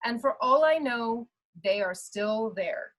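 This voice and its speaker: Slow woman reading a children's story. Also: a little high, lively intonation, a bit bright, rough recording. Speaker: story reader. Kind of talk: children's storybook read-aloud.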